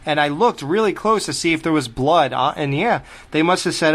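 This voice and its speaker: Man, podcast co-host, casual film chat, profane, animated, fairly high pitch. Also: brisk, few pauses.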